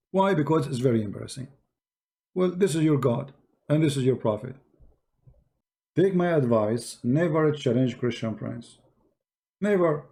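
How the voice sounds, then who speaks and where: A man's voice: on the high side, gravelly, mellow. A man hosting a confrontational live debate, boastful and sarcastic. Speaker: debate streamer.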